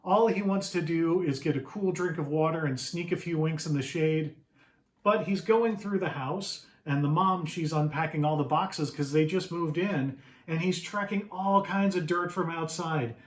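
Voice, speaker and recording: A man reading his picture book aloud to children, animated and often asking the listeners questions. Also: fairly high pitch, normal speed. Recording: roomy echo.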